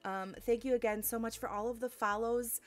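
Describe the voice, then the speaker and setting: A woman streamer chatting casually with her live audience, bubbly and giggly, thanking viewers warmly. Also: fairly high pitch, fairly even intonation, a little fast. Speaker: game streamer. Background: faint lo-fi music.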